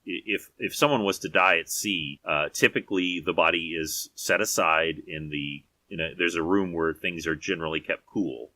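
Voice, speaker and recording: A man's voice: low-pitched, pushed and bright, no echo. A man narrating as game master of a tabletop game, descriptive, with frequent fillers and restarts.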